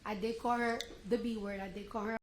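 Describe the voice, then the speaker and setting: A woman's voice: mid-range voice, level tone, fairly quick. A woman giving courtroom testimony from the witness stand, retelling a heated argument in casual slang and acting out both voices. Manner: casual slang-heavy speech. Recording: echoey courtroom audio, faint hiss.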